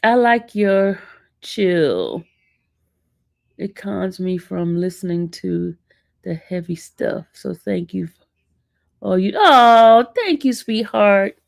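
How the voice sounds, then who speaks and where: A woman's voice: medium pitch, lively intonation, takes it slowly, creaky, pauses often, no room sound, studio quality. A woman with an East Coast American accent hosting a casual livestream, teasing and sassing her chat. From northern US. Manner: sassy, teasing, talks back to chat. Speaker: livestream host.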